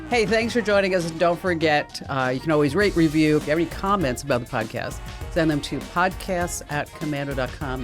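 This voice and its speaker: A woman hosting a tech podcast in casual chat, telling a long joke with playful delivery. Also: fairly low pitch. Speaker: podcast host.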